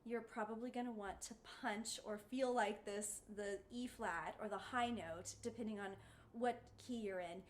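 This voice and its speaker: A woman voice teacher gives a singing lesson, encouraging her students and demonstrating sounds with sung vowels. Her mid-range voice holds a steady tone at a moderate pace, with slight background noise.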